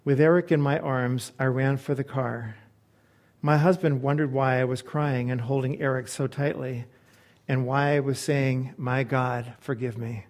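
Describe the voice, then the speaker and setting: A man's voice: mid-range voice, fairly even intonation. Earnest male pastor telling a story. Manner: slow, earnest storytelling that softens to quiet reflection. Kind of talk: sermon with a read-aloud story.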